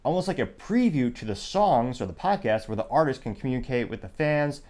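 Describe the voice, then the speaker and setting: A man hosting a commentary podcast, riffing on the news in a mid-pitched voice. He drifts into sarcastic asides and restarts his sentences as he goes. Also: lively intonation, brisk, darkish tone. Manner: sarcastic, self-interrupting, digressive. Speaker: podcast host. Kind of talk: casual commentary monologue.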